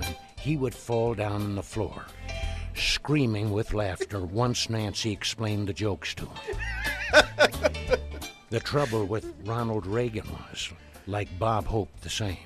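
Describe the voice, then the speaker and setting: An older man from Canada, a guest impressionist, telling lively show-business anecdotes by phone on a radio interview. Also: fairly low pitch, unhurried, music in the background. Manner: lively, animated storyteller who slips into other voices. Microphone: telephone call-in.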